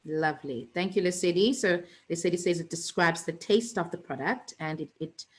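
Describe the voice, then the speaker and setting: A woman's voice: lowish voice, normal speed, low-quality recording. A woman teaching an online revision lesson, chatty and teasing, with many fillers and restarts.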